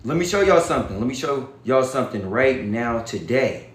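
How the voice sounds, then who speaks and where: Talking casually to his viewers on camera and often calling them y'all, this vlogger sounds emphatic and preachy. His voice is mid-range and animated at a normal speed, and the sound is roomy.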